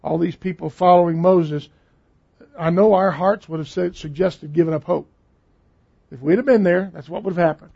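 Gravelly husky man preaching. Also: high voice, normal speed, mellow. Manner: conversational, emphatic, repeats phrases for stress. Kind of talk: sermon. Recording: dull lo-fi recording.

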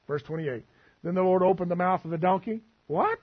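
A man's voice: high voice, a little fast, breathy edge, narrow, tinny audio. A man preaching a sermon as pastor, folksy and full of asides and humor.

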